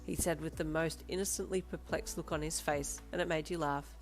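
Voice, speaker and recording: A woman with a very low voice, reading fanfiction aloud in a steady storytelling style. Faint music plays underneath her narration. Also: fairly quick, hardly any pauses. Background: faint background music.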